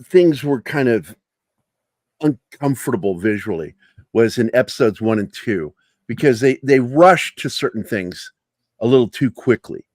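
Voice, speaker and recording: Lively, rambling man swearing in casual chat. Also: medium pitch, measured pace, dry recording, clean studio sound. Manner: rambling, laughing, swears freely. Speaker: guest.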